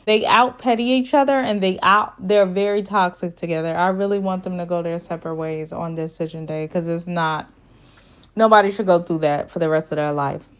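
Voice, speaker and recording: A woman's voice: lowish voice, steady tone, fairly quick. A woman hosting a casual TV recap vlog, blunt, opinionated and chatty. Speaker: reality TV recap host.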